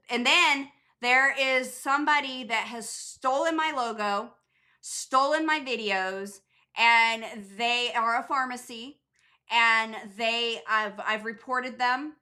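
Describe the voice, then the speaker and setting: A woman's voice: a little high, slow, pushed and bright. Chatty rambling woman on a livestream. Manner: chatty, rambling, many fillers and restarts. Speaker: nurse practitioner hosting a live Q&A. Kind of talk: casual livestream chat.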